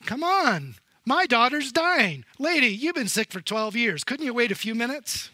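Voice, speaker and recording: A man's voice: very high voice, sing-song, normal speed, sharp tone, dry recording, clean studio sound, pitched above the performer's own voice, full character voice. A man preacher voicing a desperate middle-aged father who pleads urgently and with exasperation.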